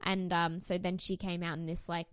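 A young woman co-hosting a podcast, recapping a reality show in animated, sweary, laugh-filled chat. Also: on the low side, moderate pace, clear, resonant tone, no room sound, clean studio sound. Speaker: podcast co-host.

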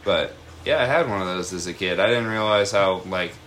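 Lower-voiced man, rambling podcast chat. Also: brisk, a bit bright, slight background noise. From Washington state, USA. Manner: rambling, laughs a lot, swears casually. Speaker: podcast co-host. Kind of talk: casual chat.

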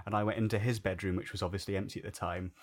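A man's voice: fairly low pitch, rapid-fire. A young man, a podcast co-host telling a story in casual chat, with lots of restarts. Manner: animated storyteller, swears freely, many restarts.

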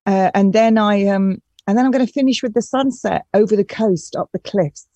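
Lady chatting on a live stream, husky and low, mellow tone, dry sound. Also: normal speed, no room sound, lo-fi sound. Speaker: guest, nurse and nutritionist. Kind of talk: live online chat.

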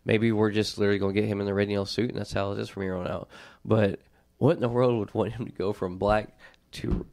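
A low, gravelly man chatting casually as co-host of a fan show. He gets excited fast, cuts in and restarts his sentences, and laughs easily. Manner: excitable, talks over and restarts, laughs often. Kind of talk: casual chat.

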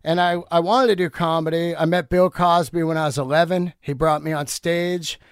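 A man's voice: a little high, moderate pace, clear, resonant tone, no echo, studio quality. A middle-aged man from the San Francisco area, a comedian guest telling stories in a casual interview, swearing freely and acting out quotes. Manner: animated storyteller, swears a lot, acts out quotes.

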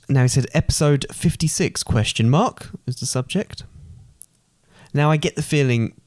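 A man's voice: medium pitch, a little mellow, no echo. A young man trades dry, teasing banter on a casual podcast. His voice sits around the middle for a man, and the recording is dry and close with no room sound. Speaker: podcast co-host, the son. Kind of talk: casual chat.

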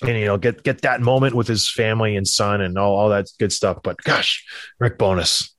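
A middle-aged man from Canada, a former hockey player, telling a rambling, animated anecdote in a casual way, quoting the people in it. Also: on the low side, normal speed, no room sound. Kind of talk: casual storytelling.

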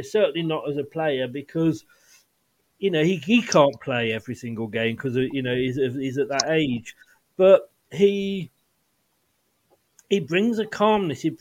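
Male podcast host, slightly high voice, rambling casual football talk, brief. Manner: rambling with frequent restarts and fillers.

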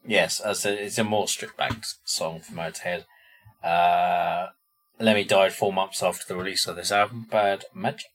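A man with a very low, deep voice talks through songs in a casual podcast chat. He is relaxed and loose, thinking aloud and leaning on filler words as he goes. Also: moderate pace. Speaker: podcast co-host presenting the songs.

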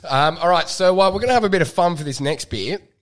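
A man's voice: a little high, lively intonation, fast talker. An Australian man hosting a podcast, chatting casually with guests and swearing freely. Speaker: podcast host. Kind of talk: casual chat.

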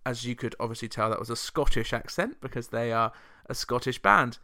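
A male chart show host from the UK who chats casually and makes sarcastic remarks. His voice is bright and crisp, and his delivery is clean and clear. He talks in an easy, conversational way. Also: mid-range voice, fairly quick. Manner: snarky, sarcastic and chatty. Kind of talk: casual commentary.

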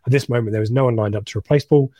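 A man with a medium-pitched, mellow voice talks rapid-fire as he hosts a casual football chat show, cracking jokes and reading out listener comments. The studio-quality recording has no echo.

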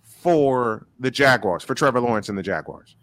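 A man from Chicago hosting a casual sports chat, animated and quick to laugh. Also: medium pitch. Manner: lively, animated, laughs often. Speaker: host.

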